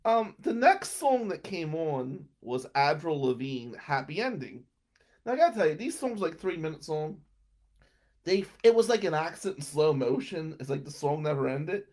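A man's voice: a little high, big pitch swings, normal speed, a little mellow. A young man telling a rambling personal anecdote and laughing between lines. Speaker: storyteller. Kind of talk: casual anecdote.

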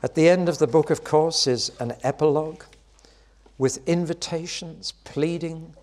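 Preaching at an unhurried pace, this man is highly expressive. His voice climbs into loud, high cries and then eases down to quiet, gentle passages.

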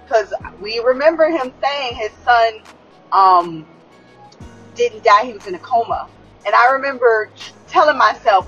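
Woman, excitable rambling recap chat, lots of swearing, faint music behind, dull lo-fi sound. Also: a little high, normal speed. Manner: excitable, profane, rambling with many fillers. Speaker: show reviewer.

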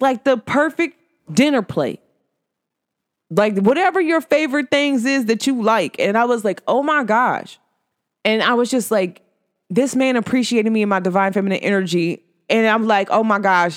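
Chatty woman hosting a spiritual podcast. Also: a little high. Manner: animated storytelling, filler-heavy with frequent "like". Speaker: podcast host. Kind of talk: casual spiritual chat.

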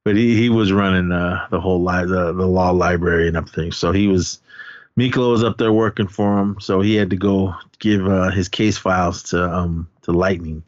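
A man's voice: deep voice, steady tone, normal speed, no echo, muffled recording. A man hosting a podcast, casually recapping a film in a rambling way, with lots of restarts and fillers. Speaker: podcast host.

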